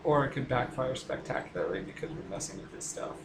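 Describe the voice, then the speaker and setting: A man's voice: medium pitch, expressive, a little fast. A man playing in a tabletop game, asking earnest questions in a casual manner. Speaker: player. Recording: distant, echoey, noisy.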